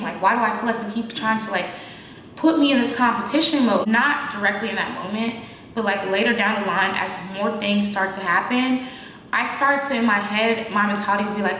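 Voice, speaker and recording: A young woman with a naturally shaky voice that cracks, telling a story in loose, slangy talk full of fillers. She sounds like she is in a very echoey room, with a faint hiss under her voice. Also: fairly high pitch. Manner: slangy, animated, lots of fillers. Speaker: vlogger. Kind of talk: casual storytime chat.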